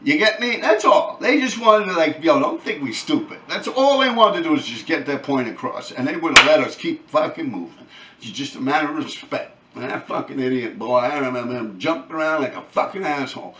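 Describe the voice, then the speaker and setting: A man, telling profane, animated street stories on his own channel. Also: fairly high pitch, brisk, recorded from a distance. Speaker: channel host. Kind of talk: casual storytelling. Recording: echoey room, off-mic.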